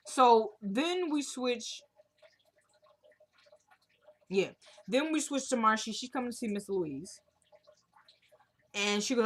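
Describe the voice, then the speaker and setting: A woman's voice: a little high, lively intonation, very slow, pauses often, a bit bright, husky. A woman casually recapping a TV drama episode, animatedly retelling and acting out scenes. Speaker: TV recap vlogger.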